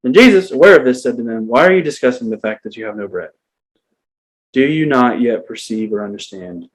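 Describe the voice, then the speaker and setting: A man's voice: mid-range voice, lively intonation, a little fast, rough recording. Man reading scripture with jokey asides. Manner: reads scripture aloud, breaks in with jokes. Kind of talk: casual Bible reading and chat.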